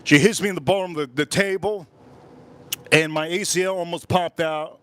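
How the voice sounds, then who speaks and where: A man's voice: on the high side, fairly even intonation, moderate pace, a bit bright. Rambling man on a livestream. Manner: rambling, repeats his phrases. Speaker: livestream host. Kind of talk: casual livestream storytelling.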